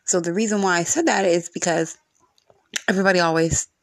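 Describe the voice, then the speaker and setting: A woman's voice: fairly low pitch, a little fast, dry recording, studio quality. A woman hosting her own solo podcast from her room at home, venting bluntly and cursing often in a frustrated rant. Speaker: podcast host.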